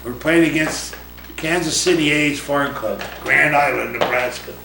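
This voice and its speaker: An older man, a retired pitcher and coach, telling rambling stories in a casual interview, chuckling and acting out the voices of others. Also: a little slow, vocal fry, sharp tone. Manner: rambling anecdotes, acts out voices, chuckles often. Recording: roomy, distant mic, noisy ambience.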